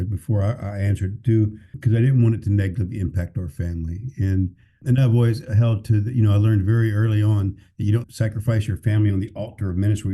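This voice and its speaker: A pastor from California talks candidly and plainly in a casual podcast conversation, frequently restarting his sentences. His voice sits on the low side and has a dark tone.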